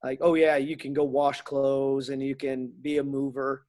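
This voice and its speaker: A middle-aged man telling stories in casual chat, animated and acting out the dialogue in them. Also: mid-range voice, normal speed. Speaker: guest. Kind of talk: casual storytelling.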